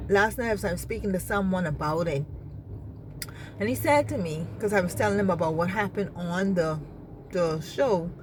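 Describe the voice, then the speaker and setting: A woman's voice: medium pitch, slight background noise. Earnest woman speaking with conviction. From Bahamas. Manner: earnest, repeats herself, asks "you understand?". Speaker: faith-based speaker. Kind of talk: impassioned spoken reflection.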